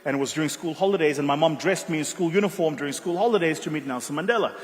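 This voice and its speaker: A man from South Africa giving a motivational keynote speech, telling stories with dramatic pauses and quiet emotional passages. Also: fairly high pitch. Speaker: keynote speaker. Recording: reverberant hall.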